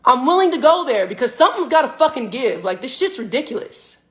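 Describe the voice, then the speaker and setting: High-voiced young woman ranting profanely. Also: sing-song, fairly quick. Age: 20s. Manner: profane, emphatic, preachy ranting. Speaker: professional athlete. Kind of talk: livestream rant. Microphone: phone.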